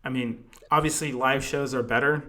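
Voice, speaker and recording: A man's voice: mid-range voice, moderate pace. Foul-mouthed rambling man telling a story. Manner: swears constantly, rambling and animated. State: tipsy. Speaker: podcast host. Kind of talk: casual storytelling chat.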